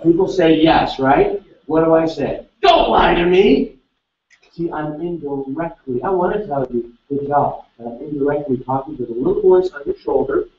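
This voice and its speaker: A fairly high-voiced man runs a live seminar, firing quick questions at the crowd. He sounds distant and echoey, as if miked from across a big hall, and the sound is a little dull. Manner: energetic, quizzing the audience with quick questions. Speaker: seminar speaker. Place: large seminar room with live audience.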